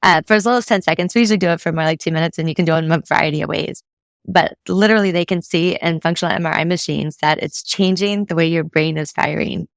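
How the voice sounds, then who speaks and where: Her lowish voice is creaky and fast, recorded with no room sound, as this woman guests as a mental fitness coach. In a casual interview she explains things step by step, easygoing and checking in often with "right?".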